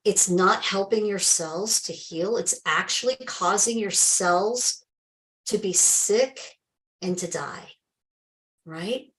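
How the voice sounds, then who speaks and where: A woman's voice: mid-range voice, slow pace, fairly bright tone, rough recording. A woman hosting a live stream as a health coach, speaking in an emphatic, chatty way, calling viewers by name and peppering her advice with exclamations and remarks of faith.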